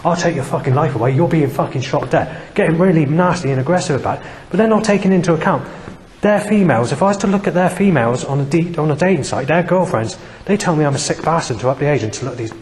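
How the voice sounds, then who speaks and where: A man's voice: medium pitch, darkish tone. A man giving a rambling, agitated vlog monologue, swearing often and circling back over the same points. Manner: agitated, profane, repetitive. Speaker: vlogger. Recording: long reverb, faint background noise.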